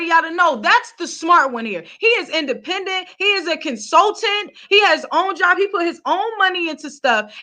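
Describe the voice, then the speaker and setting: A Philadelphia woman hosts a celebrity gossip vlog, ranting heatedly and cursing straight into the camera. Her voice is extremely high-pitched, pushed, and bright.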